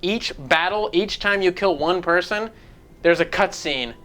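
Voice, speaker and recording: A man's voice: sits high, measured pace, bright, forceful tone. Male game reviewer, casual and profane, rambling delivery. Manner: rambling, profane, jumps between points.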